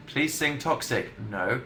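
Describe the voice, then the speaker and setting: A young man chats casually on a livestream, answering viewers with dry, self-mocking humour. His voice sounds bright and a little tense. The room rings with a noticeable echo. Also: medium pitch, slight background noise. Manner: chatty, dry and self-mocking, hums to himself. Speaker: livestream host. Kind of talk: casual livestream chat reading viewer comments.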